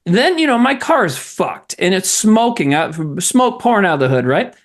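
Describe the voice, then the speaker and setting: A male podcast host who tells stories in loose comedy chat, swearing freely as he goes. His pitch swings widely and his delivery is animated. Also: fairly quick, hardly any pauses. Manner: animated, profane storytelling.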